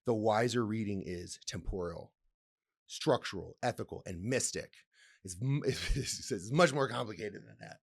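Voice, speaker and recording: A man's voice: fairly low pitch, moderate pace, gravelly, husky. Playful laughing male podcast host. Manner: laughs often, swears, reads aloud and comments; playful, rambling. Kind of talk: casual solo podcast talk.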